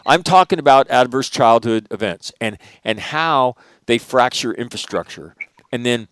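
A man's voice: medium pitch, no room sound. A man hosting a casual conversation, speaking emphatically with frequent swearing. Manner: emphatic, profane, lively storytelling.

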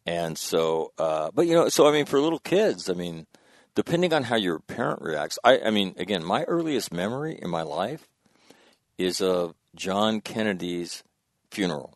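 A man's voice: sits low, big pitch swings, moderate pace, dry recording, studio quality. A man in his sixties telling a long personal story in casual chat, rambling and correcting himself and laughing at his own mishaps. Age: 60s.

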